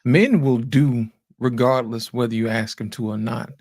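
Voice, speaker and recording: Gravelly laid-back man hosting a discussion. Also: medium pitch, steady tone, moderate pace, darkish tone, no room sound, clean studio sound. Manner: laid-back, keeps asking "you know what I'm saying". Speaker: host. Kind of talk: casual group discussion.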